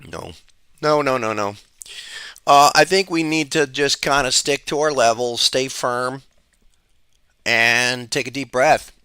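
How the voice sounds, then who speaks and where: A man's voice: mid-range voice, slow, long pauses, bright, forceful tone, clear, resonant tone, no echo, studio quality. A man hosting a live podcast from the road with a strained voice, chatting folksy with his viewers about markets. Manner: folksy, greets chat by name. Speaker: podcast host. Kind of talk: casual live-stream market talk. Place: outdoors, on the road.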